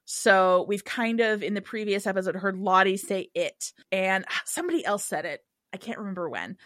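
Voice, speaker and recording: A woman's voice: moderate pace, no echo, studio quality. A woman hosting a podcast, recapping a TV episode in casual chat and acting out quoted lines. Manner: animated, acts out quoted lines in higher voices. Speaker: podcast host recapping a TV show.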